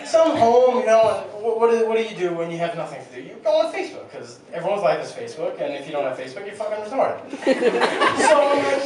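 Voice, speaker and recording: A man's voice: high-pitched, big pitch swings, fast talker. A young man doing a stand-up set in a comedy club, telling a crude, rambling, self-deprecating story. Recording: distant, very echoey club recording with loud crowd.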